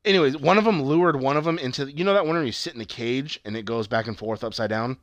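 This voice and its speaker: A man's voice: mid-range voice, fast talker, dry recording. A man co-hosting a casual chat about a TV show, rambling and swearing, with lots of fillers and restarts. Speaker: podcast co-host.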